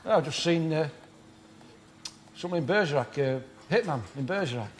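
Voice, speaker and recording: A man's voice: fairly high pitch, moderate pace, slight background noise, lightly acted. A man playing John Shuttleworth, a fussy tutor. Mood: earnest instructing. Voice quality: deadpan, pedantic, self-important. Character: earnest, fussy middle-aged male amateur acting tutor. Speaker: comedy character performer. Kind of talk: live stand-up character comedy. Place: television studio before a live audience. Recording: live TV studio with audience laughter.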